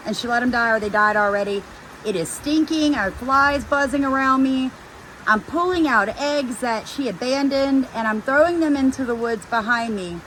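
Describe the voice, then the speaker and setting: A woman's voice: on the high side, slight background noise, rough recording. A middle-aged woman, animatedly telling a story about her farm day to her viewers. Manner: animated, chatty storyteller addressing viewers as y'all. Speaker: homesteading vlogger. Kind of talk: casual storytelling vlog.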